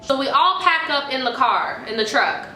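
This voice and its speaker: A young woman with a high, bright voice tells a story in a casual, animated way, swearing freely. The room is echoey with faint music behind her. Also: normal speed, slight background noise. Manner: profane, animated. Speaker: vlogger.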